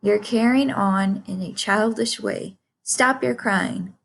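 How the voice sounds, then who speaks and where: Lady reading as a sweet calm spider, musical but no-nonsense, slow pace. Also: mid-range voice, creaky. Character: calm brisk female spider.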